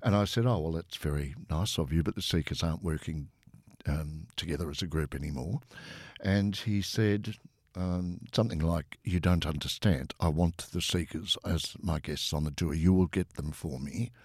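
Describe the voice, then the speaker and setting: A man, a podcast guest telling anecdotes in a relaxed, chatty way. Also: low-pitched, moderate pace, slightly rough, no echo, studio quality. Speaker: interview guest, former tour manager. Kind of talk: relaxed storytelling.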